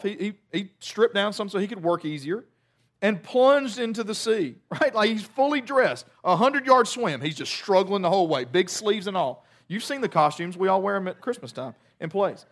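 A man with a high voice delivers a sermon, telling the story with animated humor. His delivery is lively and conversational, with jokes dropped in along the way. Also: moderate pace. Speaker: preacher.

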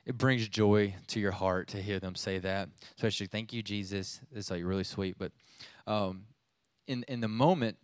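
A man's voice: on the low side, normal speed, clear, resonant tone, dry recording. A youth pastor in his thirties preaching a sermon, telling a family story in a conversational way with many restarts.

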